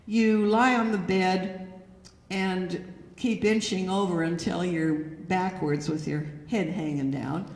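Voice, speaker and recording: A woman's voice: medium pitch, darkish tone. A woman lecturer giving direct, instructive advice to an audience through a microphone. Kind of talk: presentation to an audience. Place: church hall. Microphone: handheld or stand microphone. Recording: echoey hall with long reverb.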